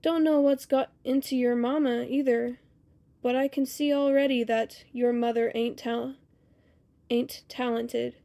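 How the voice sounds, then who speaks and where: A woman voicing a wise, plainspoken old woman who talks quietly and knowingly, in a storybook reading. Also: fairly high pitch, fairly even intonation, a little slow, creaky.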